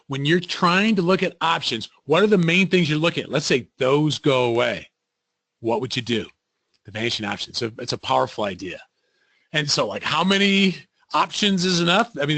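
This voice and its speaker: Middle-aged guy running a webinar, kinda gravelly but bright, very dry close sound, acts out what people said. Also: mid-range voice, no room sound. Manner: animated storyteller acting out quoted voices. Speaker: webinar presenter. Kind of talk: interactive webinar talk.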